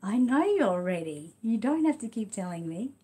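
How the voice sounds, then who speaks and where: An Australian woman with a medium-pitched voice speaks at a moderate pace from a home room with the lights dimmed. Hosting her channel, she chats casually with viewers and a child before reading a storybook aloud with lively sound effects.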